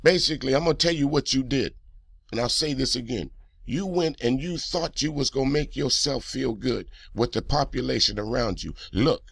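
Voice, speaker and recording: A man's voice: medium pitch, normal speed, creaky, slightly rough, no echo, studio quality. A man hosting a reaction video, delivering heated, profane, accusing commentary straight at the person in a clip.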